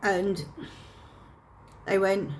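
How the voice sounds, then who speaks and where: A woman's voice: medium pitch, drawn-out words, slight background noise. A woman telling a painful personal story to camera, emotional and reenacting her own past words. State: choked up. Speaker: vlogger.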